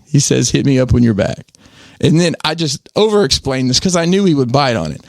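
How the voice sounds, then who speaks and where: A man's voice: mid-range voice, animated, a little fast, gravelly, few pauses, a little mellow, no echo, studio quality. A man co-hosting a podcast, telling a story in casual chat and acting out both sides of a conversation in quoted voices. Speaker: podcast co-host.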